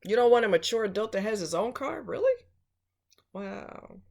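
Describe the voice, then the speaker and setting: A woman's voice: medium pitch, very animated, moderate pace, vocal fry, a little mellow. A woman vlogger giving blunt relationship advice in a casual, emphatic monologue.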